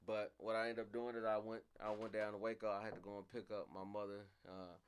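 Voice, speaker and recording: Low-voiced guy telling a story on a stream, swears a lot, gets loud and high when he's fired up. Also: little pitch movement, fast talker, clean tone. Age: adult, father of a young daughter. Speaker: podcast host. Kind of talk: casual storytelling chat.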